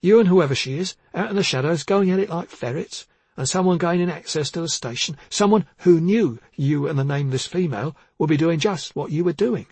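A needling policewoman who corners a suspect with coarse, pushy questions, as a male narrator puts her on. Her voice sits much higher and louder than his own, with a husky edge and a dry, close sound. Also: fairly quick, no room sound. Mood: pressing. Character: blunt sardonic female detective sergeant.

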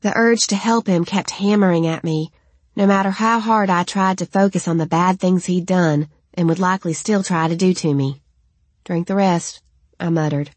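Brief: woman, audiobook narrator, first-person novel, somewhat low voice, dry close mic. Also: normal speed, no room sound.

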